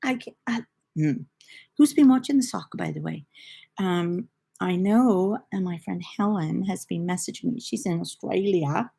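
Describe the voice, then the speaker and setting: A woman's voice: lowish voice, moderate pace, gravelly, warm tone, breathy edge. Older woman, knitting livestream host, chatty, rambling storyteller, casual. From United Kingdom. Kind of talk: casual chat.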